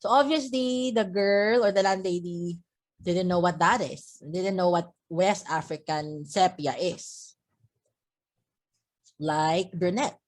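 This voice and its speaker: A woman's voice: fairly low pitch, steady tone, takes it slowly. A woman teacher talking through a poem in class, often checking in with "okay?" and repeating herself as she explains. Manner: checks understanding with frequent "okay?"; restarts and repeats words while explaining. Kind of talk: literature lesson explaining a poem.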